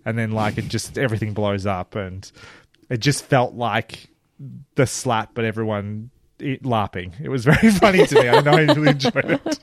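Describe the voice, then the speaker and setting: A man, co-hosting a casual podcast chat about a TV show, animated and laughing often, swearing freely. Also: fairly low pitch, moderate pace, a little hiss or hum. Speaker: podcast co-host.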